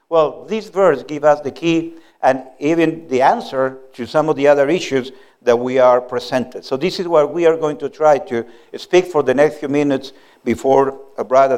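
A man who is a visiting preacher, praying and then giving a sermon in a meeting hall, speaking slowly and deliberately and stressing key words. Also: fairly high pitch, darkish tone. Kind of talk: sermon with opening prayer.

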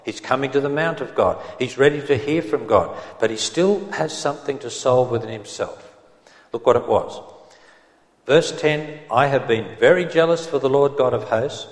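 A man preaching an expository sermon in a gentle, earnest manner, reading scripture aloud in old English. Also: medium pitch, moderate pace. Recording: roomy hall with long reverb.

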